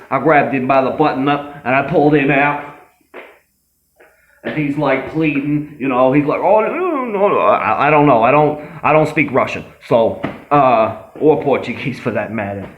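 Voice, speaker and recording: A man's voice: medium pitch, phone-quality sound, pitched above the performer's own voice, close to an everyday voice. A man voicing a brash, boastful young tough guy who rambles, swears and brags in a comedy sketch. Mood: swaggering. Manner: cocky, rambling, swearing, self-aggrandizing.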